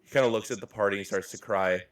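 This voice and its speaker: Deep-voiced man running a tabletop game. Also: steady tone, fast talker. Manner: casual, rambling, swears offhandedly. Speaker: game master. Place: live-streamed game session.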